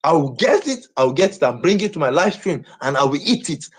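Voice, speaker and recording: Husky-voiced boastful man. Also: fairly high pitch, very animated, fairly quick. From Nigeria. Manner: boastful, repeats himself over and over. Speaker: live streamer. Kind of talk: live stream talk.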